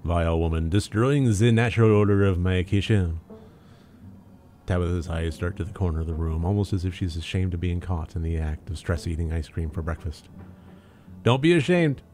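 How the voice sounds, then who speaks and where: A man streaming a story game, reading the narration and breaking off into jokey asides. His voice sits on the low side, loose and casual, with easy swearing and laughs. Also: steady tone, fairly quick, dark tone. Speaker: let's play streamer.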